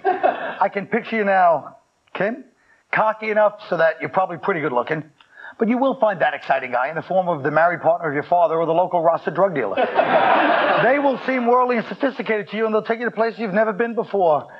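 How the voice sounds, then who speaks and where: A man hosting a comedy show, reading viewer letters aloud and answering them with sarcastic, deadpan mock advice. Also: high-pitched, a little fast, husky. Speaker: show host. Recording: muffled broadcast audio with loud hiss.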